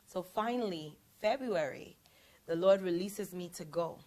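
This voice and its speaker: Lively woman telling a story. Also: lowish voice, normal speed. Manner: animated, acts out quoted lines. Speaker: prophetess and show host. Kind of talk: storytelling in casual chat.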